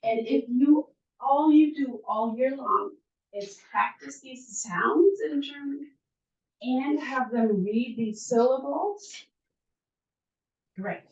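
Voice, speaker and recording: A woman teacher presenting to parents at a school workshop, who slowly sounds out syllables to demonstrate. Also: sits high. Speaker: first grade teacher. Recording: muffled, distant, echoey room.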